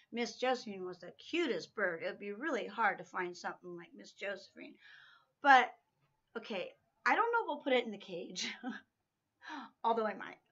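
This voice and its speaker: A woman's voice: on the high side, a bit bright, muffled recording. A woman vlogger chatting casually at home, gushing over gifts with lots of fillers and restarts. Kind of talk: casual chat. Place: room at home.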